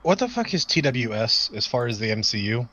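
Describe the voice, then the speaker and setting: Bright-voiced profane man, casual chat. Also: medium pitch, sing-song, a little fast. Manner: profane, rambling, laughs often. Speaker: podcast co-host. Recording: dull lo-fi sound.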